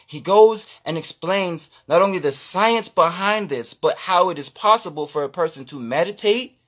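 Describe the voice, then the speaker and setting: This is a loud, profane, preachy live-stream tirade from a male spirituality creator. His fervent shouts periodically sink into muttered low asides.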